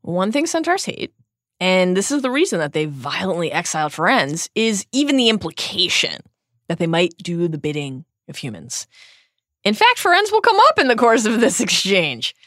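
A woman's voice: fairly low pitch, big pitch swings, normal speed, a bit bright, dry recording, clean studio sound. A woman hosting a book podcast, retelling chapters and reading quotes aloud with wry asides. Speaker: podcast host. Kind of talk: book discussion podcast with read-aloud passages.

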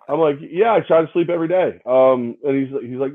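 A man's voice: mid-range voice, fast, few pauses. A man co-hosting a sports podcast, hungover, telling stories in a rambling way, repeating himself and mimicking other people. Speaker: podcast co-host. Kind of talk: casual sports chat. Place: separate location from co-host. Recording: tinny phone-like line.

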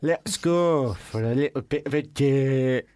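A man's voice: medium pitch, measured pace, darkish tone, clear, resonant tone, no echo, studio quality, voice pushed down, natural voice. A man voicing a cheeky, flirty woman pop star with a Liverpool accent, in a mocking put-on voice.

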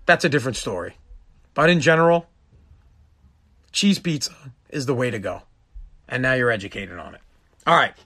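A man's voice: medium pitch, expressive, normal speed, long pauses, sharp tone. A man hosting his own podcast, delivering a profane, exasperated rant in a casual monologue streamed live from home. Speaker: podcast host.

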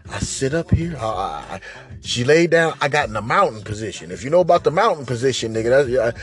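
A man hosting a podcast, telling a profane, excitable story and acting out scenes with shushing and cries. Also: mid-range voice, fast talker, faint music behind. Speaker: podcast host. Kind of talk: animated storytelling monologue.

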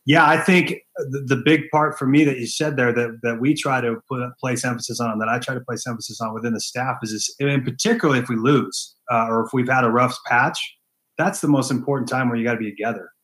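Brief: male coach guest, earnest, mid-pitched, restarts phrases as he talks. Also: steady tone, brisk, a bit bright, poor audio. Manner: earnest, restarts phrases, repeats words for emphasis. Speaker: head baseball coach, podcast guest. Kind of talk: casual interview talk.

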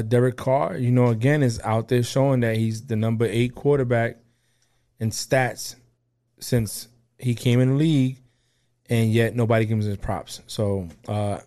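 A man's voice: mid-range voice, warm tone. A man co-hosting a casual sports chat, laid-back and opinionated about the games. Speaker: podcast co-host.

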